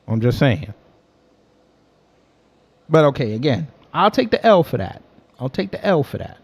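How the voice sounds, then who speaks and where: A man's voice: mid-range voice, normal speed, vocal fry, pauses often. A young man from New York, telling a story in a casual, slangy way and answering his chat as he goes. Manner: animated, slangy, talks back to chat. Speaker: host.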